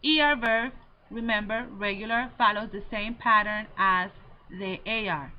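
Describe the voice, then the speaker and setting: A woman Spanish teacher giving a recorded lesson, slowly and deliberately drilling verb endings. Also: medium pitch. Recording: slightly dull lo-fi audio with faint noise.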